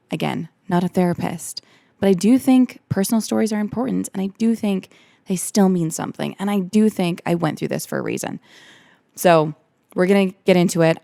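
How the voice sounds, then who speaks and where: A woman's voice: low voice, creaky, darkish tone, dry recording, studio quality. A young woman hosting a podcast, telling her own story in an earnest, candid way and repeating phrases for emphasis. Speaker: podcast host.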